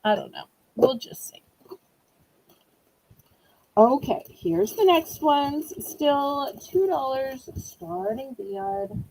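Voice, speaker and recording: A woman's voice: sits high, expressive, drawn-out words, pauses often, darkish tone, rough recording. A woman with a Southern US accent running a live online auction, chatty and playful, teasing herself as she sells. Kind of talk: live-stream auction chat.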